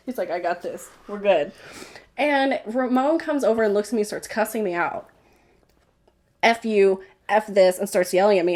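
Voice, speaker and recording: A woman's voice: mid-range voice, darkish tone. A young woman tells a story on a podcast in casual chat. She acts out each person in it as she goes and laughs often. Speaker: podcast guest.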